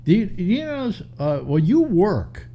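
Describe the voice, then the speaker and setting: An older man hosting a call-in talk show, chatting casually with a stuffy nose and many halting restarts. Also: sits high, big pitch swings, lo-fi sound. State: stuffy nose, slightly short of breath. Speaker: radio talk show host. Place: home studio in New York.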